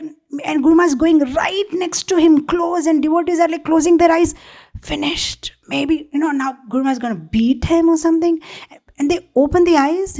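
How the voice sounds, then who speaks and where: A woman's voice: high-pitched, darkish tone. A woman giving a devotional talk, telling a story with animation and acting out the people in it. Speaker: devotional speaker.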